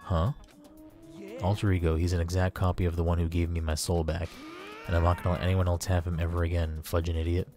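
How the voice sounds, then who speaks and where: A man's voice: sits low, little pitch movement, fast talker, close to an everyday voice. A man reading a hot-tempered young delinquent. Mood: aggressive. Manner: rough, threatening. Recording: faint game music behind.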